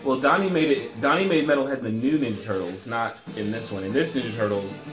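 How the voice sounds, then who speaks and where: A man's voice: mid-range voice, quick pace, echoey room, music in the background. A man playing a video game with his son, chatting and teasing him with dry humor. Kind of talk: casual gameplay chat.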